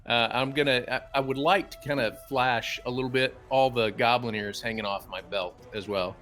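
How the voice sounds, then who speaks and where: A man's voice: medium pitch, fairly even intonation, moderate pace, a bit bright, soft background music. Eager man describing his moves. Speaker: player. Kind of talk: tabletop role-play.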